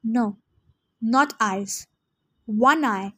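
Woman reader with a high voice, expressive first-person storybook narration. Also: drawn-out words, slightly rough.

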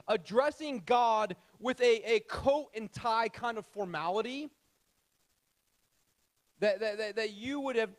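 A man with a notably high voice preaches a sermon. He leans hard on key phrases, repeats them, then sinks to a near-whisper. He keeps turning to his listeners with direct questions. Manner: emphatic, repeats key phrases, drops to soft hush; addresses the audience directly with questions. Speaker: pastor.

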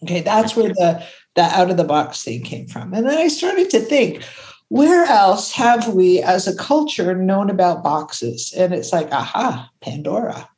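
An older woman from Canada, a creativity consultant, telling stories in an animated, conversational way and acting out the voices she quotes. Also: a little slow. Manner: expressive, acts out quotes, jumps to high pitch when excited.

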